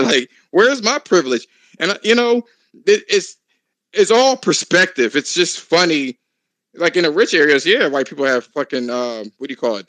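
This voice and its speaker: Animated, profane man ranting. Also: on the high side, no room sound, poor audio. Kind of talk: casual podcast chat.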